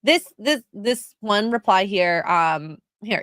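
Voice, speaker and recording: Woman co-host, chatty and animated, pitch swinging widely. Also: slow, no room sound. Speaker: podcast co-host. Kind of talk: casual chat.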